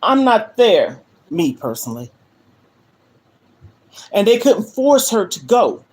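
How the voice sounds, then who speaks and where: A woman's voice: medium pitch, big pitch swings, slow pace, darkish tone. An older woman hosting a livestream from her living room, talking to viewers in an earnest, emphatic way. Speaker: livestream host. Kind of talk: emotional livestream monologue. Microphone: phone livestream.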